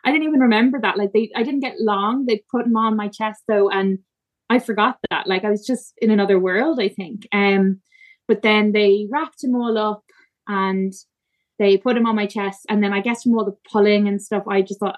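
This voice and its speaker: A woman on a podcast recounting her birth story, emotional and halting, with many fillers and restarts. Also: medium pitch, steady tone. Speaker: podcast guest. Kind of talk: personal storytelling in conversation.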